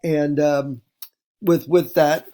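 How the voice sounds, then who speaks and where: A man's voice: fairly high pitch, fairly even intonation, slow pace, music in the background. A man from the United States, teaching a recorded lesson in a rambling way with many fillers and restarts. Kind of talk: recorded classroom lecture.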